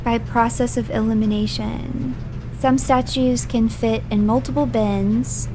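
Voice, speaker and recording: A woman's voice: fairly high pitch, steady tone, unhurried, background noise. A woman streaming a game live. She reads hints aloud, then rants in playful mock outrage and repeats phrases for comic effect. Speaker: virtual streamer.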